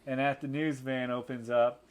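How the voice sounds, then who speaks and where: A man's voice: mid-range voice, flat delivery, normal speed, clear, resonant tone. A man co-hosting a casual movie review podcast, rambling with many fillers and restarts. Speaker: podcast co-host.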